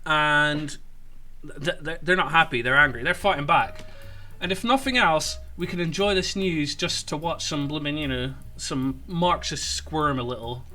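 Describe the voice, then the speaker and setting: A man's voice: on the high side, moderate pace, pushed and bright, soft background music. Sarcastic man commentating. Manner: sarcastic, mocking, rambling. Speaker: political commentator. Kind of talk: online commentary video.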